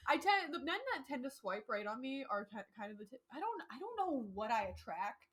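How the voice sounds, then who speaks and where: A young woman co-hosting a casual podcast in a voice a little higher than most. She is agreeable and keeps chiming in with short replies to back up her co-host. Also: big pitch swings, brisk, husky. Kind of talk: casual chat.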